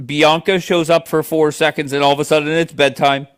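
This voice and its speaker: A man's voice: fairly high pitch, flat delivery, fairly quick, few pauses, clear, resonant tone. A man hosting a live stream debate, blunt and mocking as he questions callers. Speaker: livestream host.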